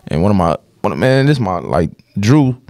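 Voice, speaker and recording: A man's voice: fairly low pitch, very animated, normal speed, darkish tone, dry recording, clean studio sound. A young man on a podcast, telling a personal story in casual chat, with lots of slang and swearing and restless run-on sentences.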